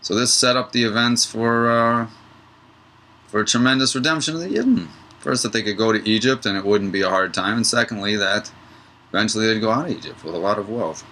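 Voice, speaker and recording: A man teaching a relaxed, digressive Torah study lesson. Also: on the low side, fairly quick, poor audio. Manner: relaxed, digressive, tells a joke mid-lesson.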